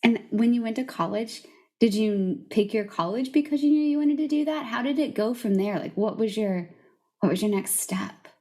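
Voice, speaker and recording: A woman's voice: on the high side, lively intonation, normal speed, dark tone. A woman hosting a podcast who asks questions in a curious, informal way. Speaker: podcast host. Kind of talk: interview questions.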